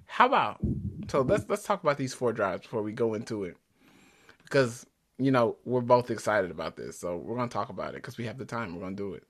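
An excitable man co-hosting a podcast in a casual chat. His voice swings up and down with lively energy, and he trips over his words in eager restarts. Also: on the low side, fast. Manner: excitable, enthusiastic, stumbling restarts. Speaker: podcast co-host. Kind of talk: casual chat about drag racing.

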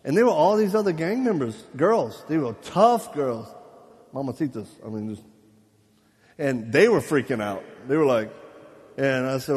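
A man's voice: mid-range voice, moderate pace. A man preaching a live sermon, telling stories with jokes, laughing at himself and acting out the voices of people he quotes. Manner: lively, joking, acts out quoted voices; laughs at his own jokes. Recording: long hall reverb.

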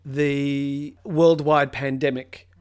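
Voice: medium pitch, little pitch movement, extremely slow, clean tone. A quiz host reading out questions, explaining answers at length and patiently giving hints. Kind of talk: podcast quiz hosting.

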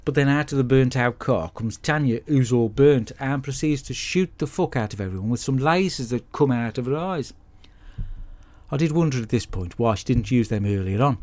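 Sweary deadpan bloke. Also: male voice, mid-range voice, moderate pace. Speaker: podcast host. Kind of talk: comic film review monologue.

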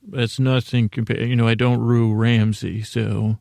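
A man's voice: medium pitch, level tone, measured pace, vocal fry, a little mellow, no room sound, clean studio sound. A man hosting a podcast, recapping an episode in a casual, rambling way from his notes, often breaking off and restarting. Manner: rambling, self-interrupting, reading from notes. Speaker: podcast host.

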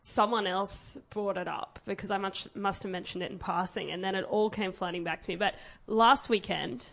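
A woman's voice: mid-range voice, moderate pace, gravelly. A woman, telling a long story in a casual podcast chat and acting out what people said. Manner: animated storyteller, acts out quotes. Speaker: podcast co-host.

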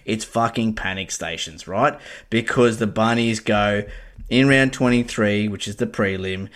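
A man co-hosting a casual sports podcast, animated and sweary, piling on mock-dramatic exaggeration. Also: on the low side, measured pace. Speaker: podcast co-host.

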